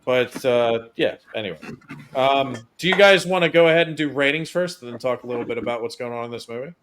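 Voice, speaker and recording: A man's voice: mid-range voice, fast talker, a bit bright, a little hiss or hum. A man co-hosting a casual movie review podcast, hesitant and full of fillers and restarts. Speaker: podcast co-host. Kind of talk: casual chat.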